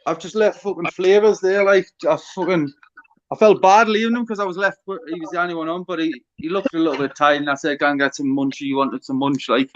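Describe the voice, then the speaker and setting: A man's voice: fairly high pitch, steady tone, a little fast, highs cut off. A man telling a sweary anecdote in casual chat.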